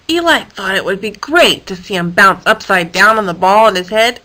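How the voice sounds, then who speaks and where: A woman's voice: mid-range voice, moderate pace, few pauses, poor audio. Woman reading a children's story. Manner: expressive, playful. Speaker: storybook reader.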